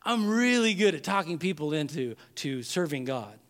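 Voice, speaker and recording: A man preaching as pastor, his voice pitched high for a man. He tells a Bible story with energy and acts out the people in it. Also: moderate pace. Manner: animated, acts out quoted voices. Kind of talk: sermon.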